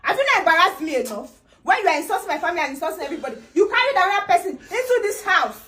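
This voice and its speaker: A woman's voice: very high-pitched, very animated, bright, forceful tone, full character voice. An actress with a Nigerian accent playing a wife who scolds and mocks her husband. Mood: scornful. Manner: fast, mocking, scolding. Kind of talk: comedy skit acting.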